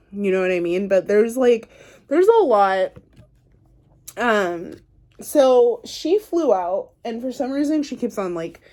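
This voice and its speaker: Woman tarot reader, casual solo video, slow unhurried delivery, rambling with plenty of filler. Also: medium pitch, mellow. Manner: chatty, rambling, filler-heavy. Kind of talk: casual pick-a-card reading.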